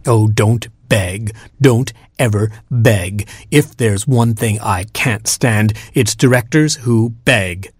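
A vain female sheep film star with a snippy, haughty drawl, put on by a male storyteller. She stretches her words out slowly and dismissively. The recording is dry and close, with no room sound. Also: fairly low pitch, husky, dry recording. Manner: haughty, dismissive, drawn-out delivery.

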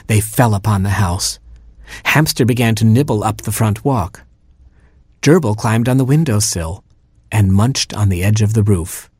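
A man narrating a children's storybook in a playful, expressive way. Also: lowish voice, slightly rough, no room sound, clean studio sound. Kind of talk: storybook reading.

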